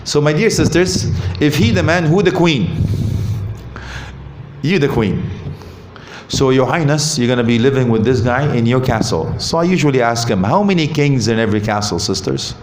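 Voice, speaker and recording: A man giving a lively talk on marriage at a mosque, asking the audience questions and joking. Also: medium pitch, moderate pace, slight background noise. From Canada. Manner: animated, asks the audience questions, jokes. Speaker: visiting Islamic speaker. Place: mosque hall. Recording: roomy hall with faint ambience.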